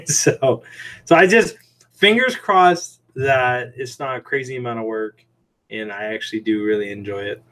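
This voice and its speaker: A man's voice: mid-range voice, a little slow, a bit bright. Chatty man rambling on a livestream. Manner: rambling, full of "like" and "um" fillers; chatty, tells anecdotes. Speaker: livestream host and aquarium shrimp seller. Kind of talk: casual livestream chat. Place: home room with fish tanks behind.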